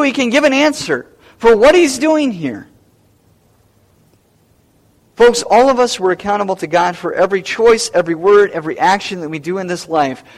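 Man, high voice, preaching a sermon, emphatic, repeats phrases. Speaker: pastor.

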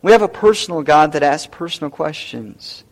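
Male pastor, sermon delivery, high-pitched, emphatic, repeats lines for weight. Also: expressive, moderate pace, creaky. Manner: emphatic, repeats key phrases.

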